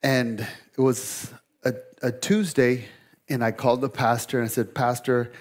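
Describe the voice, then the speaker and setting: A man's voice: mid-range voice, fairly even intonation, a little slow, darkish tone. A middle-aged male pastor preaching a sermon, telling a story in a conversational, joking way with asides to the congregation.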